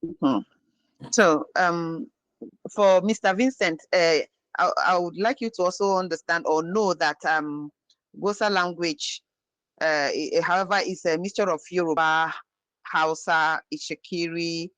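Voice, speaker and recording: A language teacher from Nigeria patiently spells out and repeats words for the class. The voice sits at a middling pitch and sounds dry and close, as if captured through a video-call mic. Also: steady tone, measured pace, a bit bright, dry recording, rough recording. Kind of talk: online language lesson.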